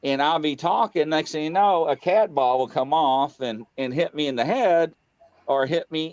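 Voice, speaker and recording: A man casually telling a story on a talk show, acting out the dialogue and jumping high in pitch when he gets excited. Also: normal speed, dry recording. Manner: animated, acts out quoted dialogue, voice jumps high when excited. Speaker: guest on a paranormal talk show.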